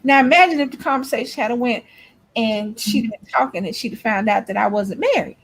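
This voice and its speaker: Woman, high voice, casual chat, emphatic storyteller. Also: a little fast, slightly rough. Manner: storytelling, emphatic, lectures trolls. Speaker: co-host.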